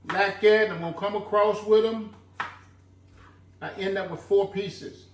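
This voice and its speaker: A man's voice: high voice, fairly even intonation, a little slow, a little hiss or hum. A man hosts a home cooking video, walking through a stew recipe in a folksy, chatty way. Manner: folksy, chatty, fond of saying "look". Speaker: home cooking channel host. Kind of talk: casual cooking demonstration. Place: home kitchen. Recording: echoey kitchen, mic a bit far off.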